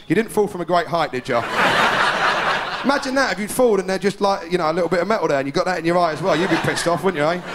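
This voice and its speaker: A man performing a live stand-up comedy routine, rambling and chatty, often laughing at his own jokes. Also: a little high. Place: live comedy venue with audience. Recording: 1990s VHS live recording with hiss.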